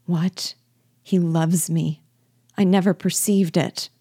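A woman's voice: lowish voice, fairly even intonation, takes it slowly, dark tone, husky, no room sound, clean studio sound, full character voice. A woman reading aloud voices a young bride, raising her voice into breathless, emotional exclamations. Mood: astonished.

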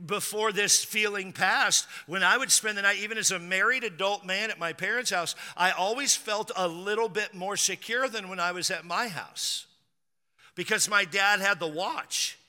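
A man's voice: high voice, moderate pace, bright, forceful tone, big-room sound. A man preaching a sermon as a pastor, telling stories in a conversational way with dry jokes.

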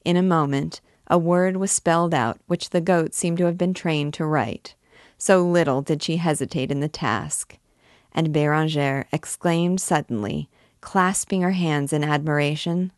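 A woman reading a classic novel aloud in a measured, expressive storytelling manner. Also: sits low, no echo, studio quality. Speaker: reader.

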